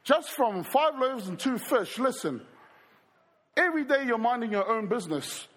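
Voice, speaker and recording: High, animated, husky-voiced male preacher. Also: moderate pace. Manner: animated storyteller who acts out quoted voices and addresses the crowd. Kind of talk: storytelling sermon.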